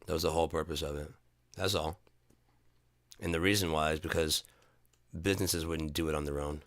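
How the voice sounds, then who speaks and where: A man with a low voice tells rambling, profane stories in a loose casual monologue. His tone is bright and forceful. The recording is dry and close, with no room sound. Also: fairly even intonation, fairly quick, no room sound. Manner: profane, storytelling, jumps between topics. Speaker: vlogger.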